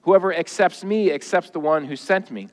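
A man delivers a sermon in a bright, high register, slipping easily between explanation and casual jokes. His voice carries a long reverb, as if recorded in a large church hall. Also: normal speed. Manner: lively, conversational, jokey preaching. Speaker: pastor.

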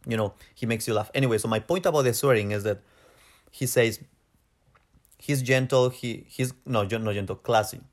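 A man's voice: medium pitch, moderate pace. Mexican man chatting, searching for words. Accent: Mexican Spanish. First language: Spanish. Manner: rambling, self-correcting, searching for English words. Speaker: podcast co-host. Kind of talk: casual chat.

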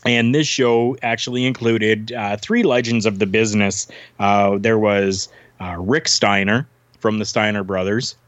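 A man's voice: on the low side, steady tone, measured pace, a bit bright, no echo. A man from Canada, a former wrestler, telling a story as a guest in a casual chat, full of fillers and restarts. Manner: rambling, many fillers and restarts. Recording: dull lo-fi sound.

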